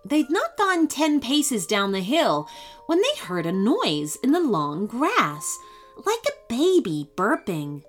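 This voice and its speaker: A woman narrating a children's storybook in an expressive, animated way. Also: on the high side, slow pace, soft background music.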